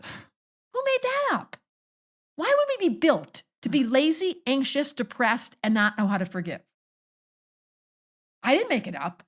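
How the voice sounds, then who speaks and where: An older woman astrologer, a podcast guest telling animated, theatrical stories in casual conversation. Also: fairly high pitch, moderate pace, long pauses. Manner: theatrical storytelling, acting out quoted voices.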